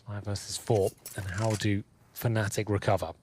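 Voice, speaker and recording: A man calling an esports match, giving measured, analytical play-by-play. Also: lowish voice, flat delivery, a little mellow, slight background noise. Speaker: esports caster. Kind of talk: play-by-play commentary.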